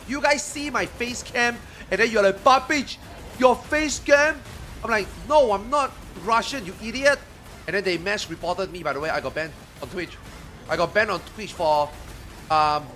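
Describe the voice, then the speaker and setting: Male streamer, casual profane live chat, high-pitched and sharp, faint music underneath. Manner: ranting, profane, rising loud when worked up. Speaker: gaming streamer.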